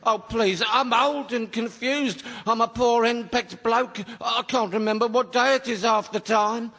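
A muddled, henpecked old man pleads in a high, bright voice. He chuckles as he talks. A long reverb trails behind him. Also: unhurried, heavily acted. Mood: pleading.

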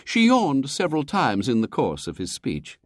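An audiobook narrator reading a comic children's story in a lively, highly expressive way. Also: normal speed, no room sound, clean studio sound. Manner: lively, very expressive reading with wide pitch swings.

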